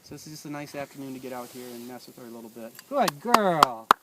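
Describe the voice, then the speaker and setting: A man working as a dog trainer, explaining an outdoor training session in a relaxed way and chatting to the dog. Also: mid-range voice, very fast. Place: outdoors in a field by water. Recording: distant outdoor mic with noise.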